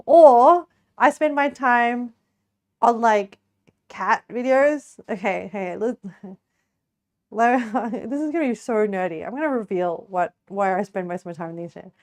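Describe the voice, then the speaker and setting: A woman's voice: fairly high pitch, a little slow. A young Australian woman chatting casually while baking on a stream, giggling often and rambling with lots of restarts.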